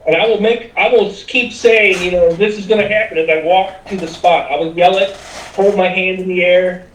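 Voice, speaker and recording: A man's voice: sits high, steady tone, moderate pace, fairly bright tone, slight background noise. A man playing a tabletop game, eagerly describing his character's actions. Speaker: player. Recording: roomy distant mic.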